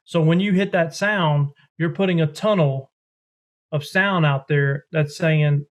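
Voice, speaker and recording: Duck-call maker, folksy drawl, fairly high voice. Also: male voice, unhurried. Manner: drawling, folksy, mimics duck sounds with his voice. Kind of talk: instructional explanation.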